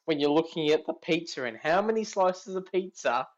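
A man's voice: on the high side, expressive, normal speed. A man on a casual podcast, teasing and playful. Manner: joking, playful. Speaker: podcast guest. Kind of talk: casual chat. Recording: dull, lo-fi sound.

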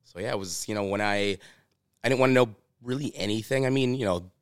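A man's voice: fairly low pitch, fairly quick, clear, resonant tone, no echo, clean studio sound. A man, a chef guest on a podcast, chatting casually and telling stories with many restarts and "you know"s. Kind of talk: casual interview chat.

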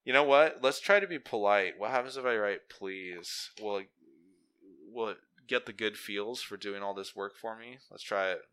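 A man's voice: fairly low pitch, moderate pace, pushed and bright, clear, resonant tone. A man hosting a casual solo podcast, rambling and interrupting himself as he muses aloud and reads text off his screen. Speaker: podcast host.

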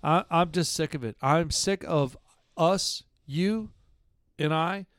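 A middle-aged American man rants with indignation, his voice a little high and heavy with curses. The sound is close and dry, with no room around it. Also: fairly bright tone, no echo. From United States. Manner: heated, indignant, swears often, halting restarts. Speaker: podcast co-host. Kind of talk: casual profane podcast rant.

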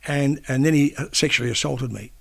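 An older man from New Zealand with a gravelly, fry-laden voice speaks as an interviewee. He was once a newspaper editor and broadcaster. He tells a personal story haltingly, often restarting his sentences. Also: mid-range voice, fairly bright tone. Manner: halting, with frequent restarts and fillers.

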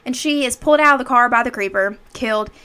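A woman's voice: on the high side, fast talker, sharp tone, clean tone. A woman co-hosting a podcast, casually retelling a horror movie scene by scene with lots of fillers and quoted lines. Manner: chatty, filler-heavy retelling with acted quotes. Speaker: podcast co-host. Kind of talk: casual movie recap chat.

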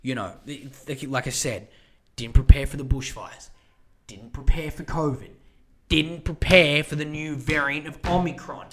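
A young man rants alone on his podcast, swearing freely and rambling through his points. His voice sits high for a man. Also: normal speed, a bit bright. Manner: profane, ranting, rambling. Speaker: podcast host. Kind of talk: solo political rant podcast.

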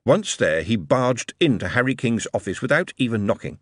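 Male audiobook narrator, expressive, lively delivery, dry booth sound. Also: mid-range voice, no room sound. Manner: measured, expressive storytelling. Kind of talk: scripted narration.

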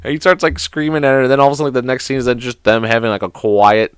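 A man's voice: mid-range voice, very fast, clean tone, no room sound. Rambling, profane man hosting a podcast. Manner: profane, rambling, heavy on "like" fillers. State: sick. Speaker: podcast host. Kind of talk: casual solo podcast rant.

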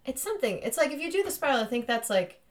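A woman's voice: high voice, very animated, fast. Rambling woman podcast host. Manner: rambling, laughs often, uses filler "like". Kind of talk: casual chat.

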